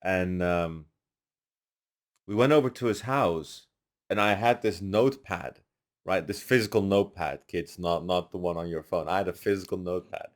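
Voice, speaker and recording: Speaking in a low voice at normal speed, this young man tells stories on a podcast in a relaxed, animated way, loudly voicing the quotes of others.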